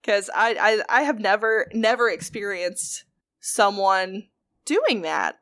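A woman's voice: medium pitch, slow pace. Young woman telling a story, swearing. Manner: animated storytelling with frequent swearing. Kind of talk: casual chat.

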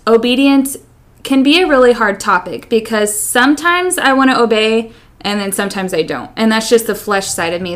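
A woman co-hosting a faith podcast, talking earnestly and leading the discussion in casual chat. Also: mid-range voice. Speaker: podcast co-host.

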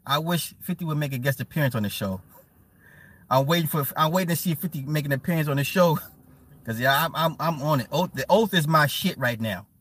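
A man hosting a casual livestream, reading chat aloud and riffing with loud laughs, mockery and swearing. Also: fairly high pitch, a little fast, breathy edge. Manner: animated, laughing, mocking, swearing.

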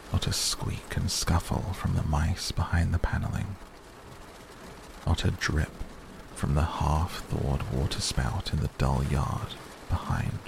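A man narrating an audiobook as a calm, slow sleep-story reading. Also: deep voice, creaky, background noise. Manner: slow and soothing. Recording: steady rain sounds behind.

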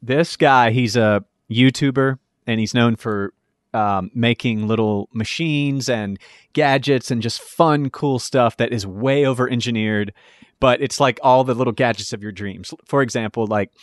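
A man's voice: medium pitch, measured pace, no echo, studio quality. A man co-hosting a podcast, rambling enthusiastically through a story in casual chat. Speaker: podcast co-host.

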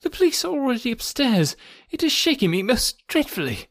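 A man's voice: very high-pitched, sing-song, fairly quick, a bit bright, no echo, studio quality, voice pushed up, heavily acted. A man voicing a panicked middle-aged male doctor, frantic and breathless. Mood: distraught.

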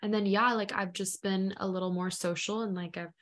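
Young woman, podcast co-host, relaxed and searching for words. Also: mid-range voice, brisk. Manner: laid-back, hesitant, lots of "um" and "like". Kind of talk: casual chat.

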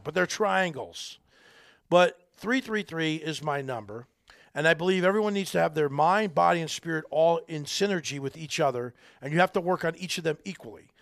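A middle-aged army veteran speaking as a podcast guest, earnest, rambling and folksy, with a gravelly voice. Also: male voice, fairly high pitch, fairly bright tone, no room sound, clean studio sound. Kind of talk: casual interview talk.

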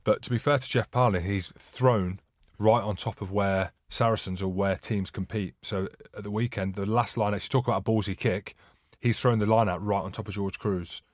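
Low-voiced man explaining rugby tactics. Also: steady tone, no echo, studio quality. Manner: explanatory, measured, breaks down tactics. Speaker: podcast co-host, retired rugby player. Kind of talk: casual chat.

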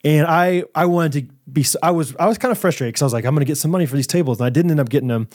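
Laughing, animated male storyteller. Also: on the high side, rapid-fire, no room sound, studio quality. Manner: animated storyteller, laughs often, acts out quotes. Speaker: podcast co-host. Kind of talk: casual chat.

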